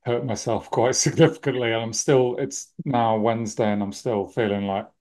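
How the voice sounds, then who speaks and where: A man's voice: mid-range voice, steady tone, normal speed, a little mellow. A man co-hosting a casual podcast over a remote call, jokey and self-mocking in the way he talks. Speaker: podcast co-host.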